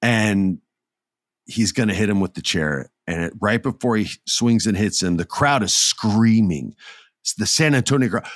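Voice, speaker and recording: A man casually and excitedly retelling a wrestling match, acting out scenes as he goes. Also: lowish voice, normal speed, dry recording, clean studio sound. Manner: excitable, acts out scenes, many restarts. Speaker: wrestling recap commentator. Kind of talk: casual storytelling recap.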